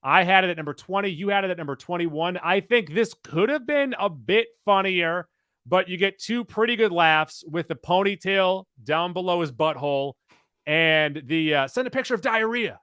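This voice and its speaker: Podcast cohost guy counting down a list, bright voice, dry close mic. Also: high-pitched, moderate pace, clean tone, no echo. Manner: reads out rankings in a steady, list-like way. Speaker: podcast co-host. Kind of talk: casual chat.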